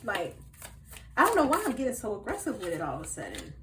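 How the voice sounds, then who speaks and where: A woman giving a casual tarot card reading to her viewers in a chatty way, swinging from soft murmurs to loud bursts. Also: mid-range voice, wildly swooping pitch, fast talker, background noise. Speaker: tarot reader.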